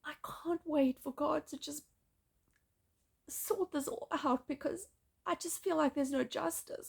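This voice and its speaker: A woman speaking in a distressed, halting personal monologue, pleading and breaking off mid-sentence. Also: high voice, creaky. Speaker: mother in a custody dispute.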